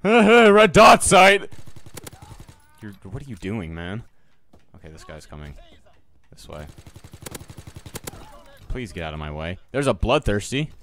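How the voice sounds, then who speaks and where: A man's voice: deep voice, lively intonation, normal speed, long pauses. A young man talking casually over his own gameplay, joking and muttering to himself and his viewers, with sudden yelps. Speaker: gaming YouTuber. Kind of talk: live gameplay commentary.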